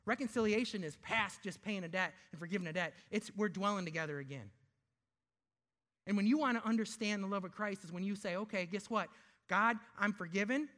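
A man preaches as a pastor, his high voice fairly bright in tone. He's emphatic throughout, asking rhetorical questions and slowing to stress key words.

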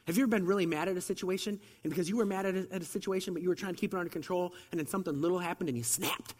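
A man with a fairly high voice preaches at a quick clip, chatty and full of rhetorical questions. He has a bit of a cold. His voice carries a long reverb, as in a large hall. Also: darkish tone. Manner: conversational, fast, with rhetorical questions. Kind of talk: sermon.

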